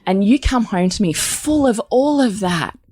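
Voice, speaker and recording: A woman's voice: medium pitch, animated, unhurried, dark tone, husky, no echo, clean studio sound. An Australian woman hosting, telling a personal story frankly and animatedly, swearing freely. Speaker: host.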